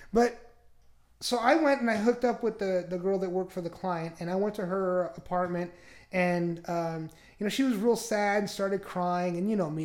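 A man's voice: high-pitched, darkish tone. A man on a podcast telling a crude story in a casual, rambling way, laughing often. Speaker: podcast host.

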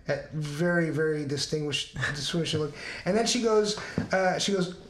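High-voiced man telling a rambling story. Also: moderate pace, a little hiss or hum. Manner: rambling, profane, acts out quoted dialogue. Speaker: podcast host. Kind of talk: casual storytelling. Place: room in a house. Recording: roomy echoing room.

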